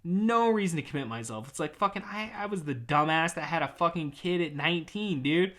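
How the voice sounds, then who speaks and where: Ranting casually on his podcast, a frustrated man in his thirties swears heavily, uses many fillers, and swings from loud outbursts to mumbling. He sounds on the high side, expressive and brisk.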